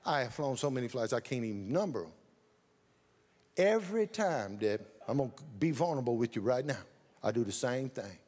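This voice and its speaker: A man preaching a sermon as pastor, telling a lively story, building up to shouts. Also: mid-range voice, fairly quick, long reverb tail, a little hiss or hum.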